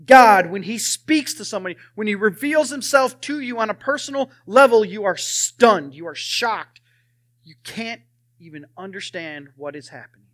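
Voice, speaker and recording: Preaching a sermon built around his own testimony, a high-pitched young man moves from booming emphasis down to near-whispers.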